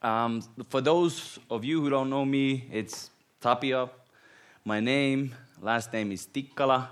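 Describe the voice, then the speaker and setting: A man's voice: mid-range voice, slow pace, clean tone. A man from Finland with a Finnish accent, a guest preacher telling personal stories and laughing often. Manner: laughs often, animated and self-deprecating.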